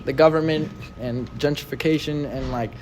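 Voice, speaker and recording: A man's voice: a little high, fairly even intonation, moderate pace. A young man from New York City, a band member, talking casually and bluntly with lots of swearing. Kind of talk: casual interview chat. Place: busy pizza shop. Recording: crowd chatter behind.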